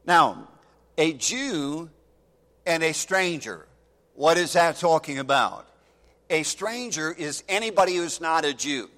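A man's voice: on the high side, expressive, takes it slowly, bright, forceful tone, in a large hall. A man preaching a sermon, reading scripture aloud and pressing his points with emphasis. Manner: emphatic, reads scripture aloud in King James wording.

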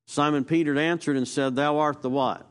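A male pastor preaching a sermon, asking the congregation questions and rising to emphatic peaks before dropping low. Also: fairly even intonation, normal speed, clear, resonant tone. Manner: call-and-response questions, emphatic rises and low drops.

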